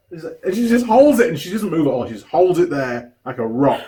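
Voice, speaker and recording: Mechanic host, animated pitch, loose chatty storytelling. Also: male voice, a little fast, hardly any pauses. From New Zealand. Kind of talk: casual chat while building a model kit.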